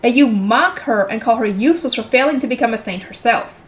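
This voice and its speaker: A young nobleman, a duke's heir, laying out accusations in a stiff, indignant way, read by a woman. It sounds close to the reader's own mid-high voice. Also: lively intonation, fairly quick, slight background noise, natural voice. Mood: accusing.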